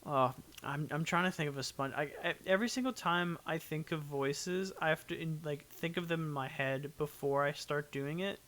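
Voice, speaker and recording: A man's voice: a little high, moderate pace, few pauses, a bit bright. A young man co-hosting a podcast, chatting casually and joking around. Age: young adult. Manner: joking, banter-heavy. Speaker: podcast co-host. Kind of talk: casual chat.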